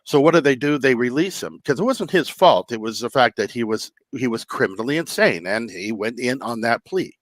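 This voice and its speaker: A man's voice: mid-range voice, lively intonation, dry recording. A man co-hosting a podcast, laying out his view step by step. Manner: explaining step by step, measured. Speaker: podcast co-host. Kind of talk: casual chat.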